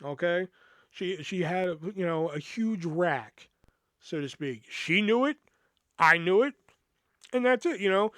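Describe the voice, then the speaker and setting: A man with a fairly high voice tells a story in a loose, swearing, rambling way, the kind of casual retelling a podcast host gives. The sound is dry and close, with no room around it. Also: a little slow, pauses often, no room sound. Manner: profane, rambling, animated retelling.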